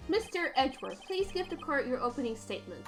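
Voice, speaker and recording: A woman voicing a male judge who speaks in a formal, measured way. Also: high-pitched, very animated, music in the background.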